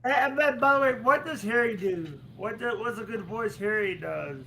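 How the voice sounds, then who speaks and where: A man co-hosting a casual group chat, cutting in with jokey quick interjections. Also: high-pitched, lively intonation, creaky, bright, forceful tone, a little hiss or hum. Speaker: podcast co-host.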